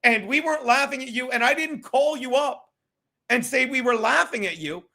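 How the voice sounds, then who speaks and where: A man's voice: very high voice, normal speed, creaky, bright, forceful tone. A man hosting a podcast, ranting in a profane, mocking, gloating way. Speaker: podcast host. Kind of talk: ranting commentary.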